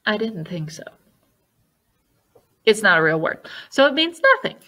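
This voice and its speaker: A woman's voice: medium pitch, big pitch swings, unhurried, pushed and bright. A woman music teacher giving a children's lesson online in a patient, sing-song teacherly way.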